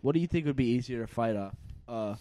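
A man's voice: medium pitch, animated, quick pace, dark tone. A man hosting a casual podcast chat, loose and joking, swearing freely. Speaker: podcast host.

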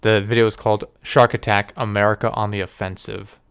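A man's voice: fairly low pitch, little pitch movement, fairly quick, gravelly, fairly bright tone, clean tone. A young man co-hosting a podcast, telling rambling, profane, self-deprecating stories in casual chat. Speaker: podcast co-host and video editor.

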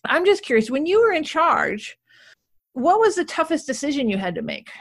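A woman's voice: high-pitched, sing-song, normal speed. A woman hosting an interview, attentive and encouraging, with frequent backchannel replies. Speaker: podcast host. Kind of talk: conversational interviewing.

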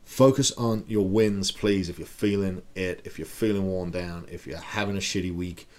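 A man's voice: deep voice, fairly even intonation, normal speed, darkish tone. A middle-aged man hosting a podcast, giving a blunt, profane pep talk full of rhetorical questions. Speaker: podcast host. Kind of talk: casual motivational monologue.

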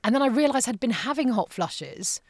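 Expressive woman in her late forties, podcast guest, dry studio sound. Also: on the high side, moderate pace, no echo. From from abroad, living in the USA. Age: late 40s. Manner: animated storyteller, acts out quotes, swears freely. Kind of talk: casual conversation.

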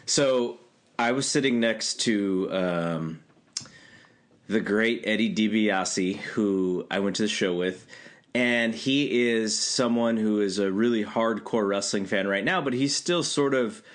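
A man with a lowish voice co-hosting a casual podcast. He tells a story in an easygoing way, stumbling and restarting his sentences now and then. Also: slow pace. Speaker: podcast co-host. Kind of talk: casual chat.

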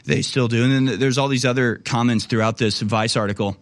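Talk radio host, man, steady mid pitch, quotes and scoffs with emphatic indignation. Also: brisk, noisy background.

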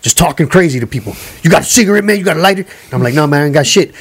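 A young man, chatting on a podcast and telling an animated, slangy story full of swearing. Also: a little high, very fast, breathy edge. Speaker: podcast co-host. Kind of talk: casual podcast chat.

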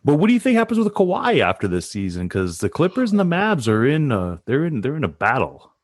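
A man in a casual sports chat, animated, laughing often and pausing with "uh" while he searches for names. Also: a little high.

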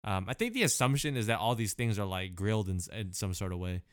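A man with a lowish, smooth voice talks in a relaxed, slangy podcast chat. The sound is dry and close, with no room around him. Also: fast, no echo. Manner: laid-back, slangy, laughs often. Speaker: podcast co-host. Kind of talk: casual chat.

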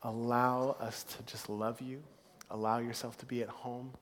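A man preaching as pastor in a church, earnest and heartfelt. He drops to hushed, soft stretches and rises to loud, upbeat ones. His mid-pitched voice rings with a long hall reverb. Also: level tone, moderate pace, slight background noise. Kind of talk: sermon. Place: church sanctuary.

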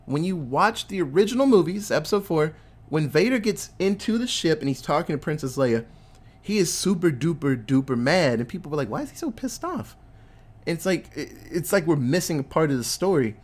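A man hosting a casual chat, retelling a movie plot in animated, profane storytelling. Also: a little high, a little fast.

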